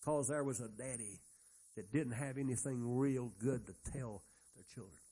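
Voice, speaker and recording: A man's voice: mid-range voice, normal speed, dark tone. A man preaching a sermon, retelling Bible stories in a folksy way and acting out the characters' lines. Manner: folksy storytelling, acts out Bible characters' dialogue.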